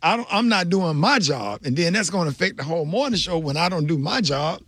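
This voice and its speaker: Husky high-voiced radio host. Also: male voice, expressive, fairly quick, a bit bright, no echo, studio quality. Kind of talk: morning show banter.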